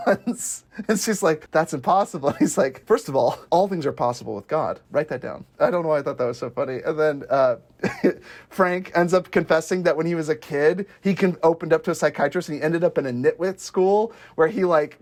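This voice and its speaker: This is a casual podcast host recapping favorite scenes, laughing often as they go. The delivery rambles, full of fillers and restarts, with constant eager enthusiasm. The voice sits at an ordinary middle pitch. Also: a little mellow. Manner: rambling, many fillers and self-corrections. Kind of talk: casual chat recapping a comedy series.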